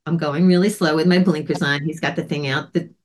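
A woman's voice: sits low, a little fast. A woman podcast host in casual chat, telling a story with animation and acting out the voices of others. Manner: animated, acts out quoted voices.

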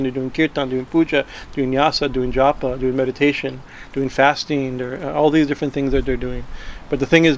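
A man at a middle pitch gives a scripture class, wandering through his points with restarts and a habit of asking "right?". Faint vehicle noise sits behind his voice. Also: rough recording. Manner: rambling, frequent "right?" tags and restarts. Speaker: spiritual teacher.

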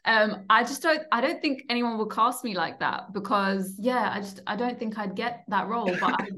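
A woman, a podcast guest chatting casually over a video call, quick to laugh and to swear. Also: fairly high pitch, sharp tone, a little hiss or hum. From East London, England. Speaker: podcast guest, actor and writer.

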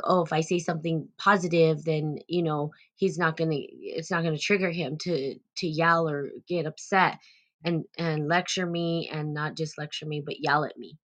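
A woman hosting a live stream, reading out viewer comments and telling an emotional personal story in a rambling way, close to tears. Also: low-pitched. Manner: rambling, with frequent restarts and loud bursts. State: on the verge of tears.

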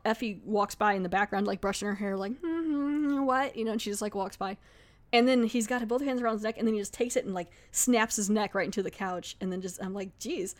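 A woman podcast host giving a casual, chatty recap of a TV episode, laughing now and then and slipping into quick acted asides. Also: medium pitch, steady tone.

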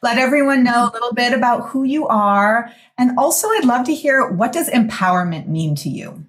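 A woman hosting a podcast, introducing her guest with enthusiastic, effusive warmth. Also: a little high, lively intonation, normal speed. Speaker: podcast host.

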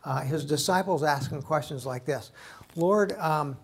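A man preaching a sermon, a pastor who acts out the scripture he quotes with dramatic shifts in loudness. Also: a little high, moderate pace, gravelly, breathy edge. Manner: dramatic, voices quoted figures loudly.

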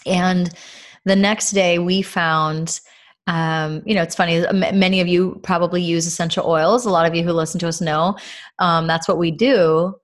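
A woman's voice: lowish voice, fairly even intonation, normal speed. Woman, thirties, podcast co-host, earnest reflective faith chat, lots of fillers. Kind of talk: casual faith-based podcast talk.

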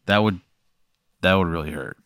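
A man with a fairly low voice meets each new absurdity with blunt, incredulous, profane replies. It is casual comedic banter, recorded close to the mic in a dry space. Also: normal speed, fairly bright tone, dry recording. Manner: incredulous, blunt, swears freely. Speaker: podcast co-host answering a hypothetical.

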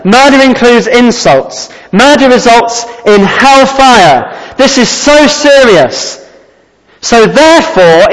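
High-voiced preacher in a reverberant hall. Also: male voice. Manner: earnest, emphatic, repeats key phrases. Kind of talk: sermon.

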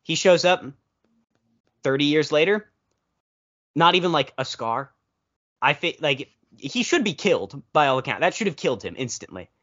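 A podcast co-host rambling through a movie chat with a lively, swooping delivery. The audio is dull and lo-fi. They tell long stories and drop into playful quoted asides. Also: mid-range voice, normal speed, long pauses.

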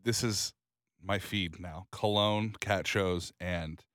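A man's voice: low voice, slow pace, a little hiss or hum. A young man co-hosting a podcast in casual chat, rambling and joking as he tells stories. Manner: animated, rambling, joking storyteller. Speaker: podcast co-host.

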